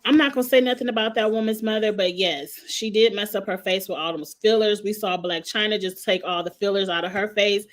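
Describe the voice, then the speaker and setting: A woman's voice: mid-range voice, fairly quick, hardly any pauses. A woman, hosting a casual reality TV recap and gossiping with sass. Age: 40s. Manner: gossipy, sassy, talks straight to the people she discusses.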